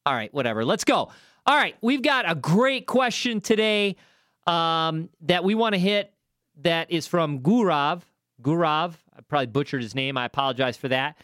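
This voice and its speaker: A man co-hosting a podcast in casual banter, playful and exuberant, breaking into loud showman-style bursts. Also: fairly high pitch, animated, normal speed, no echo, studio quality. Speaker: podcast co-host.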